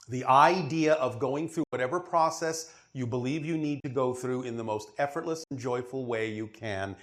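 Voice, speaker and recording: Emphatic man teaching a questioner. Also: mid-range voice. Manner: emphatic, didactic, often checks that he is understood. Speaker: spiritual speaker answering a questioner. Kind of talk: channeled spiritual teaching session.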